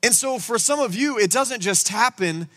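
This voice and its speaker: Bright high-voiced preacher in a reverberant hall. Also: male voice, moderate pace. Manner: animated preaching, rhetorical questions. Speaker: pastor. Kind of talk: sermon. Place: church sanctuary.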